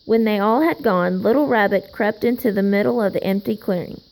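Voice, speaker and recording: A woman reading a children's picture book aloud, slowly and gently, with a little acting of the characters. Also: medium pitch, low-quality recording. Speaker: storybook reader.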